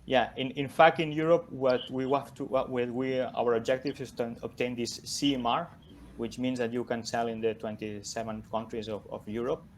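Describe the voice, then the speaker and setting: Founder taking judge questions, halting speech, even tone, faint background hiss. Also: male voice, mid-range voice. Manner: halting, repeats words while searching. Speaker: startup founder answering judges. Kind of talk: Q&A after a pitch.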